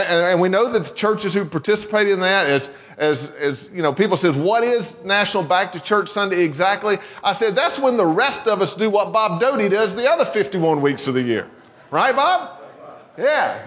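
A pastor with a fairly high, slightly bright voice delivers a sermon in a church sanctuary, and a long reverb tail trails his words. He speaks in a folksy, conversational way, often restarting his sentences, and works a told joke into the sermon.

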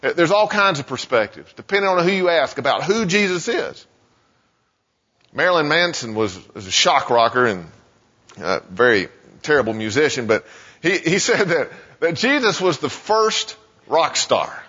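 A man preaching a sermon in a casual, conversational way, full of "you know" asides and quick voiced quotes. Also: on the high side, sing-song, pushed and bright. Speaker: pastor. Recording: muffled sound with long hall reverb.

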